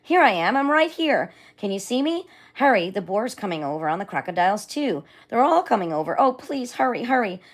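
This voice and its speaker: A woman's voice: mid-range voice, very animated, a little fast, hardly any pauses, pitched above the performer's own voice. A woman voicing a frightened young dragon pleading for rescue in a children's storybook reading. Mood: frantic.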